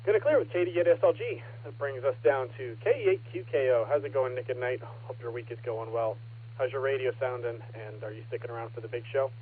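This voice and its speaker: A man acting as net control on an amateur radio net, relaxed and joking as he reads out call signs and takes check-ins. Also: mid-range voice, fast talker. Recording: narrow, lightly hissy ham radio transmission.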